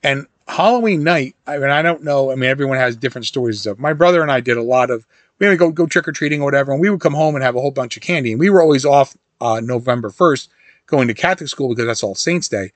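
A man's voice: mid-range voice, fast talker, no echo. A middle-aged man hosting a casual horror-film talk, rambling through stories with many restarts and asides. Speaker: host reviewing a horror film. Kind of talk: casual monologue.

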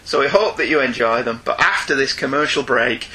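A man's voice: medium pitch, fairly quick, pushed and bright, low-quality recording. A man hosting a comics podcast, reading listener emails aloud in a jokey, teasing way and laughing often. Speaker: podcast host.

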